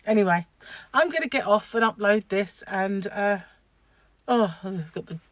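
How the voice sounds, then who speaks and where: A woman's voice: medium pitch, animated, measured pace, no room sound. Woman, middle-aged, vlogger, casual storytelling, laughs often, dry close sound. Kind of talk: casual chat to camera.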